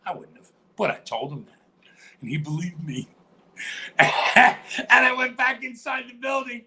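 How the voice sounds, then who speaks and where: A middle-aged retired pro wrestler tells stories in an interview, his medium-pitched voice moving at a moderate pace on a low-quality recording. He's animated, acting out the dialogue and adding sound effects.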